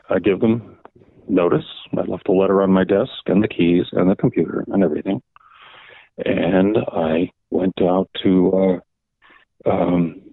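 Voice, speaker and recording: Older guy w gravelly low voice rambling thru a story, keeps saying so anyway, sounds like a thin phone line. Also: dry recording. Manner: rambling anecdotes, repeats "so anyway", acts out quoted dialogue. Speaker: guest, veteran comics editor. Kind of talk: casual interview storytelling. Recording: dry tinny phone-like line.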